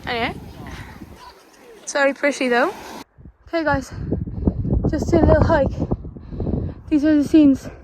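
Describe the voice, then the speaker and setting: A young Irish woman with a high, bright-pitched voice chats excitedly into her phone while walking the coast. Wind and outdoor noise come through clearly behind her. She talks in quick exclamations and casual slang. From Ireland. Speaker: vlogger. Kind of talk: casual outdoor vlog chat. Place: outdoors on coastal cliffs and hills.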